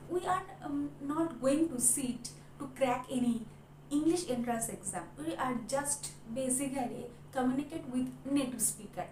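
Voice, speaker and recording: An Indian woman coaching spoken English delivers an earnest, motivational lesson in her Indian accent, often tossing in "okay" and "my dear friends." Her voice sits high and a little mellow, with a slight hiss or hum in an echoey room with faint ambience.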